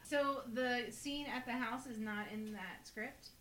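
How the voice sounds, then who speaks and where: A woman co-hosting a casual podcast, chiming in with quick reactions and wry remarks. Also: on the high side, fairly bright tone, distant mic. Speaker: podcast co-host. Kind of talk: casual chat. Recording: roomy echo.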